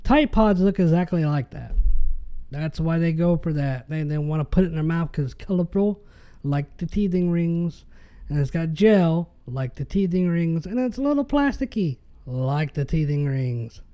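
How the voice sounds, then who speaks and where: High-pitched man ranting on a podcast. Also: lively intonation, normal speed, dark tone. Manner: exasperated, ranting. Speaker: podcast host. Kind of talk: casual podcast rant.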